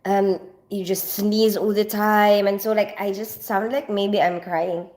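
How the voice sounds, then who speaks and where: A woman's voice: mid-range voice, fairly even intonation, a little slow, darkish tone. Chatty stuffy-nosed woman from the Philippines. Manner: chatty, rambling, lots of fillers. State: stuffy nose from allergies. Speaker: livestream host. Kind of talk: casual live chat with viewers. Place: at home.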